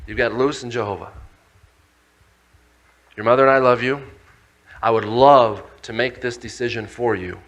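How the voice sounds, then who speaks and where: A man voicing a gentle, grave heavenly father who speaks softly and solemnly to his children. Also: fairly high pitch, big pitch swings, heavily acted, rough recording. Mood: tender. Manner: soft, slow and solemn.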